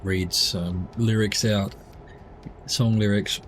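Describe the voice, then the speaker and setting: A man's voice: on the low side, steady tone, slow, slight background noise. A man giving casual, rambling commentary while streaming a driving game. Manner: rambling, chatty asides.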